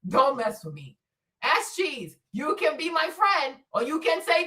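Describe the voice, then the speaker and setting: A woman's voice: high voice, big pitch swings, unhurried, sharp tone, distant mic. A woman from Africa hosting a livestream, ranting in a mocking, taunting way and laughing often. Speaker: livestream host. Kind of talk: livestream rant.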